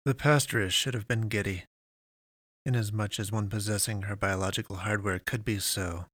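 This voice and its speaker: A man narrating a science fiction story in a measured, deliberate way with long pauses. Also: lowish voice, steady tone, fairly bright tone, husky, no echo, clean studio sound.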